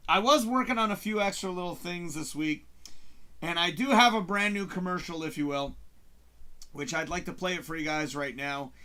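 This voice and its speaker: A man hosting a casual live-stream show, reviewing a movie in an excitable, profane way and acting out his own reactions. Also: fairly high pitch. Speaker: host.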